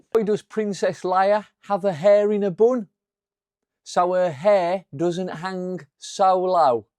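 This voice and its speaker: A man's voice: on the high side, darkish tone, dry recording, studio quality. A man, hosting a jokey music shop vlog from his workbench, enthusiastic and fond of puns. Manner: enthusiastic, punning. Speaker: music shop guitar tech and host.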